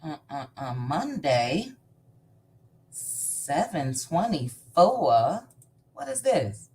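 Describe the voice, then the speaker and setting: A woman's voice: low voice, sing-song, very slow, dark tone. A woman hosting a casual live stream, greeting viewers one by one by name in a chatty, upbeat way. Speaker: livestream host.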